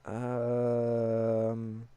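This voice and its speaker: A let's-play gamer reading game dialogue aloud, with animated, chatty asides, over a noisy recording. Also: mid-range voice, extremely slow, clean tone, dry recording.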